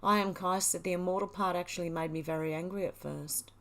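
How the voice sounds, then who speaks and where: A middle-aged woman from Australia hosts a livestream, reading comments from the chat and answering them casually. Her lowish voice has a fairly bright tone, fairly even intonation, and a slightly fast pace.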